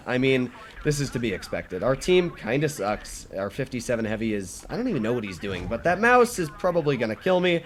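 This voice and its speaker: A man's voice: mid-range voice, slight background noise. A young man giving casual, chatty commentary over his own tank gameplay, correcting himself and humming as he plays. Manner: chatty, self-correcting, hums tunes while playing. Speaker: gaming YouTuber.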